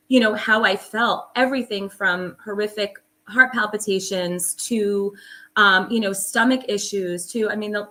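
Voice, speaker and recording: A woman's voice: mid-range voice, sharp tone. A middle-aged woman, a guest on an interview show, telling her personal story in an earnest, emphatic way.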